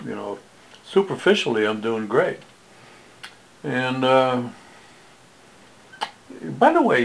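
A man in his seventies talks straight to the camera in a loose, rambling monologue, joking at his own expense as he drifts from one aside to the next. His voice has a gravelly, crackly texture and sits at an ordinary middle pitch. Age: 70s. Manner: joking, self-mocking, wandering asides.

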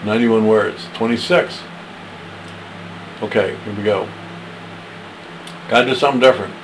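A man's voice: fairly low pitch, normal speed, slight background noise, rough recording. A man practicing readings aloud, muttering self-deprecating asides between attempts. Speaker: amateur reader of verses.

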